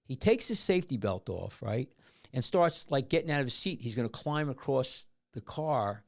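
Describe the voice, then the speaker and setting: A man's voice: mid-range voice, expressive, moderate pace, vocal fry. A middle-aged man hosting a podcast, telling a long story in casual chat with many restarts and asides. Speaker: podcast host.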